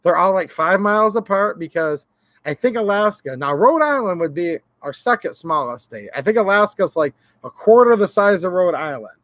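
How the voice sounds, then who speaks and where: Man, livestream host, casual rambling chat, joking, slightly high voice, dry close sound. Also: very animated, moderate pace, dry recording. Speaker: gun channel livestream host.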